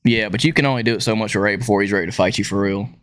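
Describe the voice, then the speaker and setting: A man's voice: lowish voice, steady tone, racing, a bit bright. A man, swearing freely while telling rambling stories on a casual podcast. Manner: profane, rambling storyteller. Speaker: podcast co-host.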